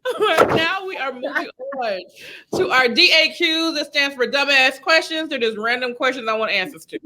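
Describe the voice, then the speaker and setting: A woman's voice: high-pitched, expressive, normal speed, bright, forceful tone. A woman hosting a casual online talk show, asking playful questions with a teasing, sassy manner. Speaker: show host. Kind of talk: casual interview chat.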